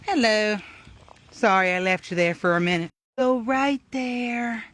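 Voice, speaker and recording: A woman hosting a casual livestream outdoors by her car. She talks in an animated way, often laughs and chats to her viewers over a phone. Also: on the high side, a little slow, a little hiss or hum. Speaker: livestream host.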